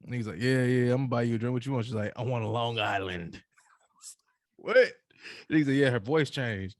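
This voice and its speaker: A man's voice: medium pitch, fairly quick, darkish tone, dry recording. Laid-back man hosting a podcast, dry sound. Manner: laid-back, laughing, loose slang. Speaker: podcast host. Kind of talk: casual podcast chat.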